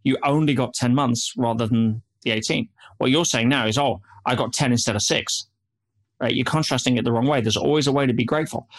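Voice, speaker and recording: A man gives an interview as a guest, telling stories animatedly in a fast, medium-pitched voice. He drops in frequent "yeah"s and "you know"s.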